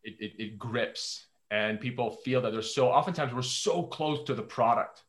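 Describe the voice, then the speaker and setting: A man's voice: mid-range voice, normal speed, fairly bright tone. A man with an ordinary mid-range voice tells stories from his working life in a casual podcast conversation. He often doubles words as he gets going. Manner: anecdotal, repeats words when starting sentences.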